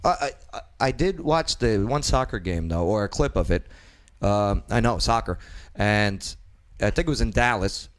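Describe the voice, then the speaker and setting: Animated talk show host, stammering man. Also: lowish voice, moderate pace. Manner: animated, repeats words, frequent stammering restarts. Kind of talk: casual opinionated studio chat. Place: studio.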